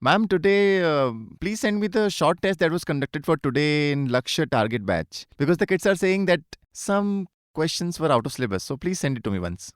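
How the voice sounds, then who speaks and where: A man leads a live online lesson in a high, bright voice that swings widely in pitch. His tone is smooth and clear, recorded close and dry in a studio. He chats freely and keeps checking in with his students. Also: lively intonation, normal speed, few pauses, no echo. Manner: chatty, repeats greetings and checks often. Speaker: teacher.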